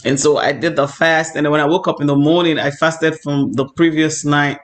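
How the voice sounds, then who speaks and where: High-voiced man giving earnest testimony. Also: steady tone, normal speed, a bit bright. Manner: earnest, repetitive, many "you know"s. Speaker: online preacher. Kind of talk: personal testimony.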